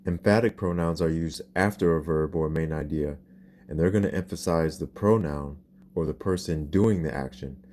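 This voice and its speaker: Deep-voiced man teaching a language. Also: darkish tone. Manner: slow, careful explanation with spelled-out words. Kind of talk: scripted instructional narration.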